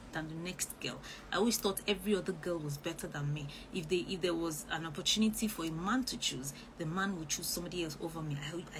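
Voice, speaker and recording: Earnest woman coach, noisy stream. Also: lowish voice. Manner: earnest, preachy, with animated outbursts. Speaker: relationship coach. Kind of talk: live-stream chat reading comments. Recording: noisy live-stream audio.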